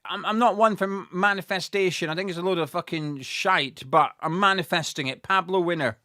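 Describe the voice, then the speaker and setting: Sweary, excitable man in a fan watch-along. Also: sits high, a little fast, no echo, clean studio sound. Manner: sweary and excitable, shouting at goals. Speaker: fan commentator.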